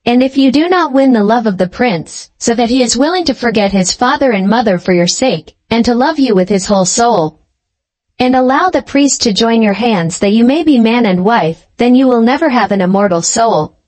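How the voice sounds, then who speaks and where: A woman voicing a cruel, scheming old female sea witch in a storybook reading, speaking coldly and deliberately. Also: on the high side, lively intonation, a little mellow. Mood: cold, mocking.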